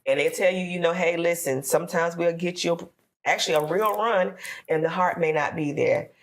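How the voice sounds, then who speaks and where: Woman guest on a podcast, lowish gravelly voice, tells her story with feeling and acts out the quotes. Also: normal speed. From Florida, US. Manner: emotional storytelling, acting out prayers and quotes.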